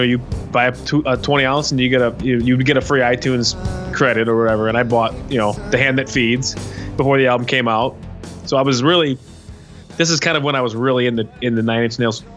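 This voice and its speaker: A man's voice: medium pitch, fairly even intonation, quick pace, fairly bright tone. A man hosting a casual music podcast, talking in an enthusiastic, rambling way with many restarts.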